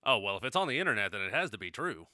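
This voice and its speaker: Podcast guy, bright tense voice, jokey and rambly, curses a lot. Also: on the low side, very animated, racing, no room sound, clean studio sound. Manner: joking, rambling, swears freely. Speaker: podcast co-host. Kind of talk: casual chat.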